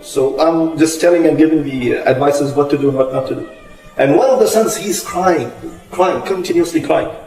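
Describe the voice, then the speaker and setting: A man's voice: on the high side, moderate pace, darkish tone. Man retelling a moral story, far off-mic. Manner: rambling, full of fillers and Arabic religious phrases. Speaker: religious storyteller. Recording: roomy sound from far off the mic.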